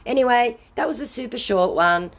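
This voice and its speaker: A woman's voice: a little high, lively intonation, moderate pace. A woman telling a scam-baiting story in a blunt, sarcastic way. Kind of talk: casual storytelling.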